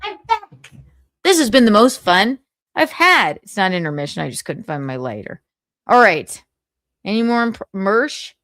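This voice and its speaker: A woman's voice: mid-range voice, big pitch swings, moderate pace, a bit bright, dry recording, studio quality. A woman hosting a casual livestream, giggly and trying out voice impressions. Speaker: livestream host.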